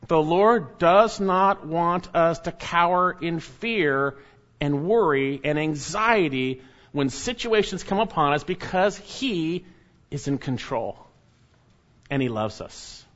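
A man preaching a sermon, reading scripture aloud, and urging his listeners earnestly, at times lifting his voice in emphasis and at times dropping it soft and low. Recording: slightly dull, lo-fi recording.

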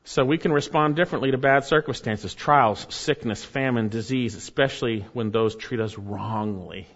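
A man's voice: medium pitch, normal speed, fairly bright tone. A man preaching a sermon as pastor, earnest, with rising emphasis and asides to the congregation. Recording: dull, hall reverb.

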